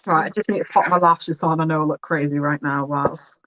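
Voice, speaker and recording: A woman's voice: deep voice, steady tone, a little fast, a bit bright, no room sound. Giggly woman on a dull call line. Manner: giggly, self-deprecating. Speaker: guest makeup creator. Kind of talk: casual livestream chat. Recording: dull, dry video-call audio.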